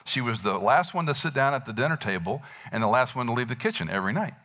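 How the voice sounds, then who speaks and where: A man's voice: medium pitch, big pitch swings, fast talker, bright, forceful tone. A man in his sixties preaching a sermon, telling a Bible story and acting out the quotes with animation. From United States. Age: 60s. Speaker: pastor.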